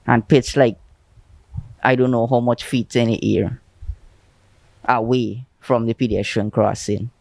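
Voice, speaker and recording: A young man with a Guyanese accent, giving a shaken, halting eyewitness account in a news interview. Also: medium pitch, fairly even intonation, vocal fry, darkish tone, dry recording. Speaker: eyewitness friend.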